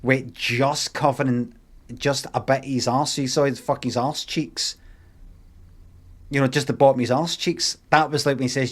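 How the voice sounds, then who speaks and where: A man's voice: mid-range voice, steady tone, moderate pace. A Scottish man on a live stream telling a rambling, heavily sweary anecdote in a casual way.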